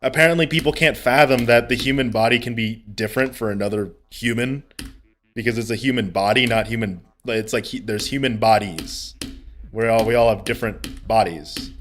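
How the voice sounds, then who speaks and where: A man's voice: medium pitch, a little fast, a bit bright. A man streaming a game, chatting casually to viewers in a profane, mocking, ranting way. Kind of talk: casual live-stream chat. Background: faint music.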